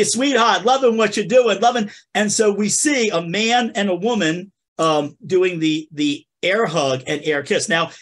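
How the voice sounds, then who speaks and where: A man's voice: sits high, fairly bright tone. A man hosting a comedy podcast, telling a funny story in a playful way and talking straight to the listeners. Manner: playful, addresses listeners as folks. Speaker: podcast host. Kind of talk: comic storytelling.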